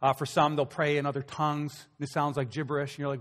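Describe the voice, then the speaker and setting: Animated male pastor in a reverberant hall. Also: fairly high pitch, fast talker. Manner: conversational, animated storytelling with acted asides. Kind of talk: sermon. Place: church hall.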